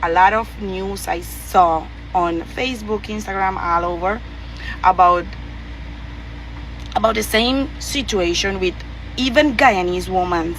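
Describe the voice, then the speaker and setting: A woman's voice: lowish voice, measured pace, a bit bright, slight background noise, rough recording. A woman with a Venezuelan Spanish accent tells a heated, profane story with many fillers and restarts. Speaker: guest telling a story.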